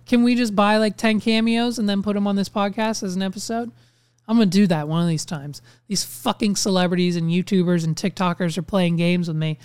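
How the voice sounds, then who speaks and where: A young man hosting a podcast, telling stories in a casual monologue full of swearing and animated ranting. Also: sits high, a little fast, clear, resonant tone, no echo, clean studio sound. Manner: ranting, profane, animated storytelling. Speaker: podcast host.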